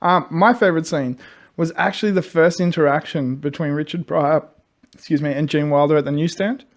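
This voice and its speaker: A man hosting a casual movie review panel, retelling scenes with lively acted-out quotes. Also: a little high, brisk. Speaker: panel host.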